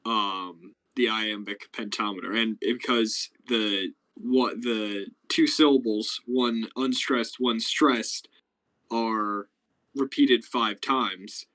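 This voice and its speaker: A man's voice: fairly low pitch, fairly even intonation, slow pace, bright, forceful tone, low-quality recording. Young guy rambling thru an explanation, lots of ums and likes, casual stream chat. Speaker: podcast host.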